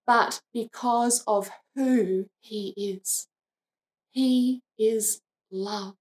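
A woman giving a devotional sermon, speaking gently and earnestly, sometimes voicing people from the story. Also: fairly high pitch. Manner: slow, gentle and earnest, briefly acting out the sisters' lines. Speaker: preacher.

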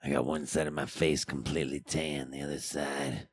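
A man's voice: extremely low pitch, little pitch movement, moderate pace, slight background noise. A man co-hosting a podcast in casual chat, teasing his partner with dry humor. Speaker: podcast co-host.

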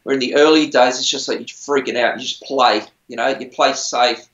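A man's voice: medium pitch, steady tone, a little fast, fairly bright tone. Aussie guy rambling through a story, a bit muffled, echoey room. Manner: rambling, chatty, self-deprecating. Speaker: musician on a TV singing show. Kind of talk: casual interview storytelling. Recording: roomy, dull lo-fi sound.

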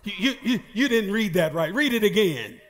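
A man delivers a sermon as pastor, shouting and half singing lines and adding playful asides to the congregation. His voice is high and expressive, moving at normal speed.

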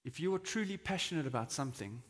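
Speaking quickly with lively intonation, a pastor with a fairly high voice gives a conversational sermon in a church hall. He dramatizes quotes in a raised, shouting voice, and long hall reverb surrounds him.

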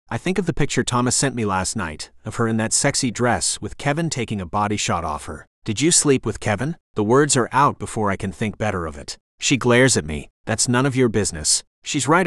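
A young man reads a first-person audiobook in an expressive, conversational way. His voice sits fairly low but rises and falls a lot, recorded close on a studio mic with a dry, roomless sound. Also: dry recording. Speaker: audiobook narrator.

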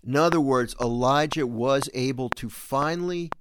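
A male host giving an earnest, animated Catholic talk on scripture, voicing the quoted lines with extra lift. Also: medium pitch, moderate pace, noisy background.

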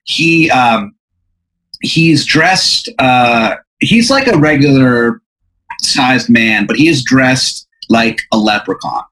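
A man hosting a podcast improvises a comic what-if story, rambling at a slow pace with plenty of fillers and laughing mid-sentence. His medium-pitched voice is animated and a bit bright, and the recording is rough.

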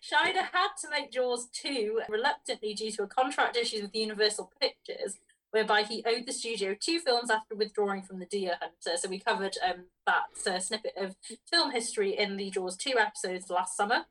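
A woman's voice: mid-range voice, fairly quick, a bit bright. A woman co-hosting a podcast, reading out film trivia in a matter-of-fact way. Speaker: podcast co-host. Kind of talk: casual film podcast chat. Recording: voice a bit distant from mic.

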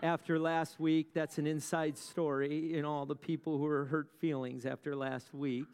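A man preaching in a big church hall, his somewhat high voice ringing with a long echo. He tells stories with dramatic pauses, poses rhetorical questions and drops wry asides to the congregation. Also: little pitch movement, a little mellow, smooth. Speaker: pastor. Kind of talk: sermon.

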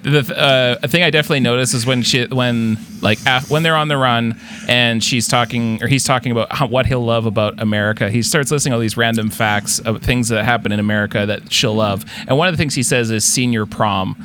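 Forceful, profane man in a movie chat. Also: medium pitch, steady tone, fairly quick, a little hiss or hum. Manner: emphatic, swears freely. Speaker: podcast co-host. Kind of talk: casual film discussion.

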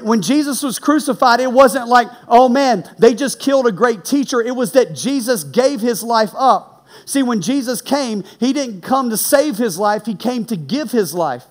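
A man preaching a sermon in a high, lively voice. He tells stories with animated energy, shouting the punchlines, then drops low and quiet to make his serious points. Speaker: pastor. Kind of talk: sermon with personal story.

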